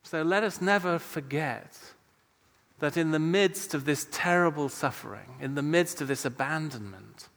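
A man preaching a sermon in a slow, measured way, letting his phrase ends fall soft. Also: a little high, gravelly. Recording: long hall reverb.

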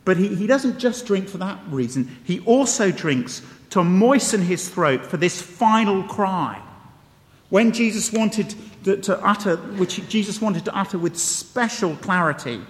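A man with a high, expressive voice preaches unhurriedly, his sermon conversational and emphatic, full of wry asides and repeated key phrases. The recording carries the long reverb of a large hall.

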